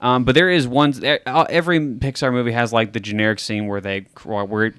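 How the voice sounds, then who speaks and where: A man's voice: mid-range voice, fairly even intonation, brisk, fairly bright tone, clean tone, dry recording. Chatty man in a dry, close recording. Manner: chatty, restarts and hesitates with "uh" and "um". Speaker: podcast co-host. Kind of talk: casual chat.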